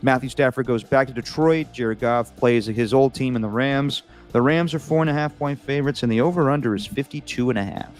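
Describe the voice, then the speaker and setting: A man co-hosts a laid-back football picks chat, reading each matchup before riffing on his own calls. His voice sits at an ordinary middle pitch and comes through a video call. Faint music plays underneath. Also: brisk, few pauses. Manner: relaxed, reads matchups then riffs on picks. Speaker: co-host reading out games and picks. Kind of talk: casual sports picks chat.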